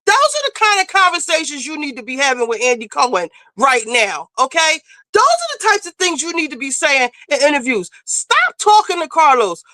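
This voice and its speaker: A woman's voice: high-pitched, very animated, moderate pace, sharp tone, no room sound. A woman hosting a casual commentary stream, talking bluntly and emphatically with plenty of profanity as she lectures. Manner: emphatic, scolding. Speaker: streamer host.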